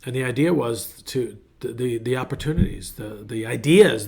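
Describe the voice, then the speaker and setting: A man's voice: medium pitch, expressive, normal speed, gravelly, darkish tone. A middle-aged male pastor giving a casual, rambling devotional talk in a folksy way. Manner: rambling, folksy, self-interrupting.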